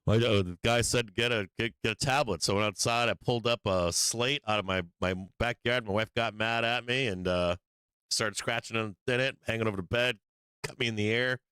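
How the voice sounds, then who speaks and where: A man's voice: fairly low pitch, steady tone, brisk, sharp tone, clear, resonant tone, no echo. Blunt, profane male market show host. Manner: blunt, profane, emphatic, repeats points. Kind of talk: livestream market commentary.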